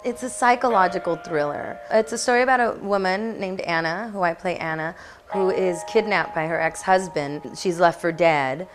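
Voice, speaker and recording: A woman's voice: lowish voice, moderate pace. A young adult woman, an actress, chatting in an interview in a bubbly, playful way with frequent laughs. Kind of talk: casual interview answers. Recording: music playing behind.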